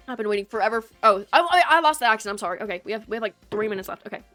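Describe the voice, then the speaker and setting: A woman's voice: on the high side, racing, hardly any pauses, bright, forceful tone, no room sound, faint music behind. A woman game streamer chatting casually in her bedroom, rambling and self-deprecating. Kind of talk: casual live-stream chat. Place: small bedroom. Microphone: streaming setup.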